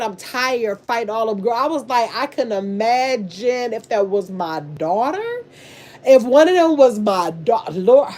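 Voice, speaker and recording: An older woman, hosting a casual livestream, reading viewer comments aloud and reacting with loud exclamations. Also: fairly high pitch. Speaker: livestream host reading chat.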